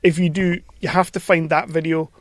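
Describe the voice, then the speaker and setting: A man's voice: on the high side, flat delivery, normal speed, no room sound. A man co-hosting a podcast in a small studio, chatting casually and enthusiastically about films and TV, laughing and swearing often. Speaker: podcast co-host. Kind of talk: casual film chat.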